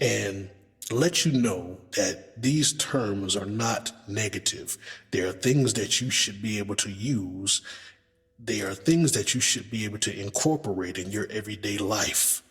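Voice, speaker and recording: Low-voiced man giving blunt relationship advice. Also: lively intonation, a little slow, fairly bright tone, long reverb tail. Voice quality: profanity-laced, emphatic. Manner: conversational, acts out quotes, addresses men as brothers. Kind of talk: casual advice monologue.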